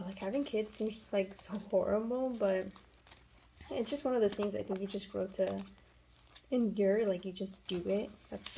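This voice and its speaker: A woman's voice: mid-range voice, creaky, mellow, a little hiss or hum, low-quality recording. A woman in her twenties chatting casually while counting cash for a budgeting vlog. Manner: chatty, counts bills aloud, filler-heavy. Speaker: budgeting vlogger.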